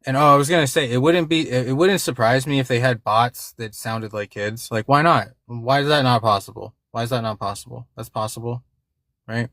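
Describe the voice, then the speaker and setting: A man's voice: medium pitch, brisk, fairly bright tone, no room sound, clean studio sound. A man hosting a livestream, talking casually and with frustration to his chat, swearing and repeating himself. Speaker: livestream host.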